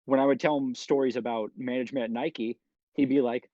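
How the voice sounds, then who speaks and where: A man's voice: medium pitch, steady tone, brisk, mellow, dry recording, lo-fi sound. A young man co-hosting a podcast, chatting casually and telling stories about his family. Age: young adult. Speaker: podcast co-host. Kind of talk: casual chat.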